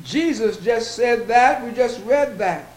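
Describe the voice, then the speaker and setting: A man preaching a sermon as pastor, slow and emphatic, repeating scripture references. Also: very high voice, lively intonation. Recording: echoey room.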